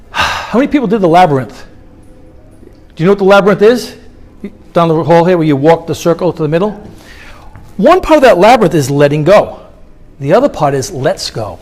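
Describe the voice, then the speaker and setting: A middle-aged man giving a live motivational talk with a guided meditation, questioning the audience as he goes. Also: on the high side. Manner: animated, engages audience with questions. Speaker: motivational speaker. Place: conference hall.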